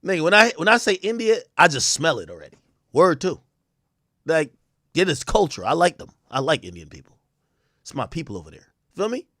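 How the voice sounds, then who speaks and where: Lively, profane male livestream host. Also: a little high, fairly quick, no room sound, studio quality. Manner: loose, profane, animated riffing with sudden loud outbursts. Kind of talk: casual livestream commentary.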